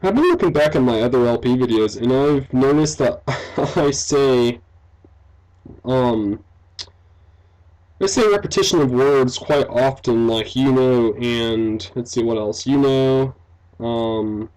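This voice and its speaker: A young let's-play commentator, who is also a game developer, gives rambling casual commentary on his own game in progress, peppered with "um", "like" and "you know", frequent laughs and self-deprecation. He takes it slowly in a mid-range, darkish voice, and the audio is poor.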